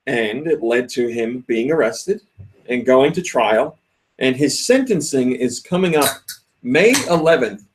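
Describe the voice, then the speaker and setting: A man hosting a casual podcast, chatting, laughing often and reading viewer comments aloud. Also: a little high. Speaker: podcast host.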